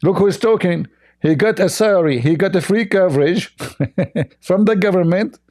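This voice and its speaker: A man delivers sarcastic reaction commentary in a mocking, scornful tone, rambling along with broken grammar. His voice sits a little high for a man. The tone is dark and mellow. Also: normal speed.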